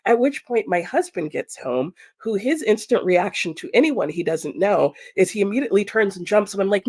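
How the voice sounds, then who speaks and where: Animated woman telling a story. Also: on the high side, normal speed. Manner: animated, acts out quoted voices. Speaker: streamer hosting reading sprints. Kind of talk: casual storytelling.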